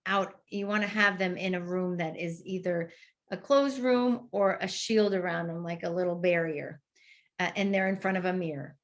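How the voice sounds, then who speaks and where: A woman clinician giving an instructional demonstration to therapists, explaining step by step and modeling the exercise aloud with pauses. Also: lowish voice.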